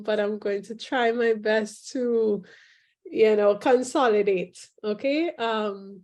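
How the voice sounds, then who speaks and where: Slow-speaking woman moderator. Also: on the high side. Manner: easygoing, laughs between questions. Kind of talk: live show moderation.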